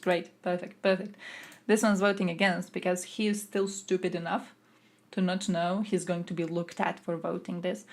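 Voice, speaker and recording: Young woman from croatia ranting on stream, sarcastic and swears nonstop. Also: medium pitch. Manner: blunt, profane, sarcastic. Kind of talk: casual ranting commentary.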